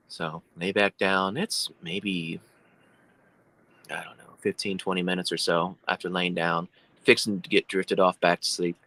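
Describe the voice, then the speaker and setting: A man's voice: sits low, fairly even intonation, measured pace, long pauses, sharp tone, no room sound. A man, a guest telling a long story on a video call, rambling with many fillers and restarts. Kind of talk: casual storytelling.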